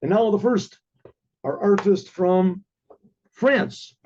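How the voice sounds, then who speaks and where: A man, a rabbi, telling a story in a lively way and clearing his throat often. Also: high-pitched, highs cut off, a little hiss or hum. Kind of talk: oral storytelling.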